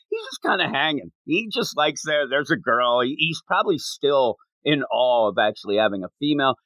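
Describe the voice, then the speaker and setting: A man co-hosting a casual podcast, talking with animated energy and laughing often as he acts out bits. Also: on the high side, brisk, hardly any pauses, dry recording, poor audio. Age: adult, not young. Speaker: podcast co-host.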